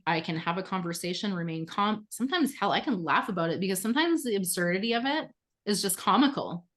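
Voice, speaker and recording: A woman's voice: medium pitch, expressive, fast, a bit bright. A woman speaking as an interview guest in a candid, casual conversation, frank and often laughing, with the odd swear word.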